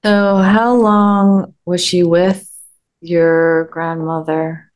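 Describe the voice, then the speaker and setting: A woman interviewing, asking gentle questions. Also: fairly low pitch, flat delivery, drawn-out words, clean tone.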